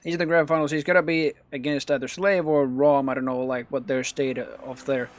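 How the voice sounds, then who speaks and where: A man's voice: mid-range voice, flat delivery, a little fast, no echo. A man co-casting a live online match who talks conversationally and explains how the bracket stands. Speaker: esports co-caster. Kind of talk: casual live game commentary.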